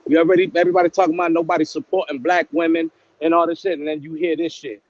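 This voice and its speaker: A man's voice: a little high, flat delivery, rapid-fire, lo-fi sound, a little hiss or hum. A man talking bluntly and emphatically as a guest in a casual chat. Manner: blunt, emphatic, repeats "bro".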